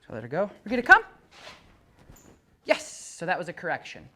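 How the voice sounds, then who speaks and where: Dog trainer coaching with bursts of praise. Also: normal speed. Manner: explains calmly to the owner, then bursts into loud high praise for the dog. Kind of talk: hands-on training demonstration.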